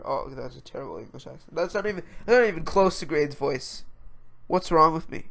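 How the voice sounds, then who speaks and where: A man's voice: a little high, moderate pace, creaky, fairly bright tone. A man with a stuffed-up nose hosting a podcast, ranting in an exasperated, rambling way about online drama. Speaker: podcast host. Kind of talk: casual ranting commentary.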